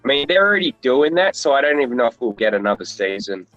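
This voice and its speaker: A man's voice: medium pitch, sing-song, fast, a bit bright, no room sound, lo-fi sound, soft background music. A man chatting casually, blunt and mocking, swearing constantly. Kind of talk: casual chat.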